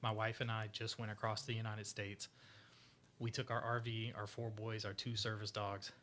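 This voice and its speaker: A man in his forties, a guest on an interview show, telling his story casually with lots of fillers and loose, animated phrasing. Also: on the low side, moderate pace, slight background noise. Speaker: podcast guest, veteran charity founder.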